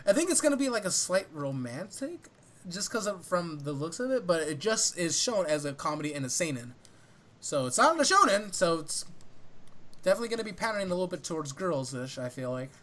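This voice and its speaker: A man's voice: high-pitched, big pitch swings, a little fast, fairly bright tone. A young man co-hosting a casual podcast, laughing and stumbling over odd names as he reads aloud. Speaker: podcast co-host. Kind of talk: casual podcast chat, reading a summary aloud.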